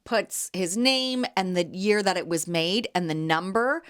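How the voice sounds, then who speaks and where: A woman in her thirties from Canada, hosting a podcast and telling a chatty story with quick laughs. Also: on the low side, a bit bright, clear, resonant tone. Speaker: podcast host and jam vendor. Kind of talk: casual storytelling.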